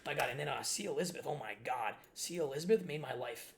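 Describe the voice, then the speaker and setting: A man's voice: on the high side, fast, gravelly, noisy background. A young man streamer telling a rambling, exasperated story about his childhood while playing a game. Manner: rambling and exasperated, many restarts. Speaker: gaming streamer. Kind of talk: casual storytelling while gaming.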